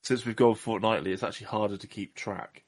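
A man's voice: fairly low pitch, steady tone, brisk, husky, dry recording. A man hosting a podcast in casual chat, rambling and self-deprecating with jokes. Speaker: podcast host.

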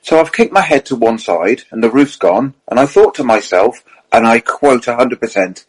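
Husky-voiced man telling racing stories. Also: mid-range voice, normal speed, poor audio. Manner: animated storyteller, many fillers and asides. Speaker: motorsport storyteller on a panel. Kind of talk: casual anecdotal chat. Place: at a racing circuit event.

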